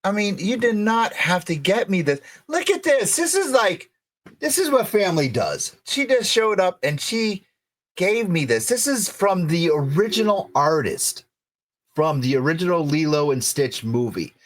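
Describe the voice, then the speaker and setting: Man, middle-aged, podcast co-host, excitable, effusive, animated pitch that swoops up and down. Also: measured pace. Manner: excitable and effusive, voice jumping up when thrilled. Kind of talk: casual livestream chat.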